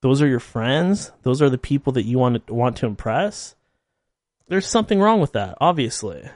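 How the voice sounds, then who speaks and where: A man's voice: mid-range voice, lively intonation, moderate pace, darkish tone, no room sound, studio quality. A man delivering a blunt, sarcastic opinion monologue full of rhetorical questions. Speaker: commentator.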